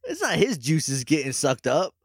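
A man's voice: fairly high pitch, wildly swooping pitch, normal speed, breathy edge, dry recording, clean studio sound. A man co-hosting a podcast, casually recapping a show episode with laughs and quoted voices. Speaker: podcast co-host.

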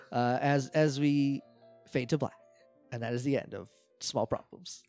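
A man's voice: medium pitch, steady tone, takes it slowly, a little mellow, faint music behind. A man narrating as game master of a tabletop role-playing podcast, loose and chatty with lots of fillers.

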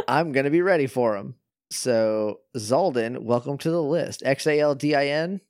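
A man's voice: mid-range voice, a little slow, a little mellow, no echo, clean studio sound. A man co-hosting a podcast, joking around and laughing often. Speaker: podcast co-host. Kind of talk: casual podcast chat.

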